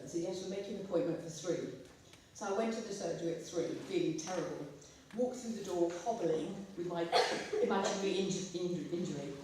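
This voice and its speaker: A speaker telling a lively anecdote to a school audience, acting out quoted lines. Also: mid-range voice, quick pace, distant mic, a little hiss or hum. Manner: lively storyteller, acts out quotes. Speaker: guest speaker, former journalist. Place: school hall. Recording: echoey school hall from afar.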